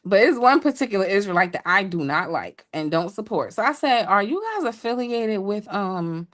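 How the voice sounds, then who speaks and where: A woman co-hosting a show, telling a story in a casual, playful way with laughing asides to listeners. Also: moderate pace. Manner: animated, jumps high when quoting people. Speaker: podcast co-host telling a story.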